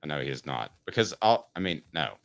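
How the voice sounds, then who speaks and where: Emphatic, bright-voiced sports talk host. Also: male voice, very deep voice, sing-song, fairly quick, creaky. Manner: opinionated, emphatic, rhetorical questions. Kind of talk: sports talk show chat.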